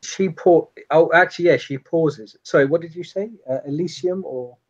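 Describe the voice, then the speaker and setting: A man narrating as game master of a tabletop game, unhurried and descriptive. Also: a little high, lo-fi sound.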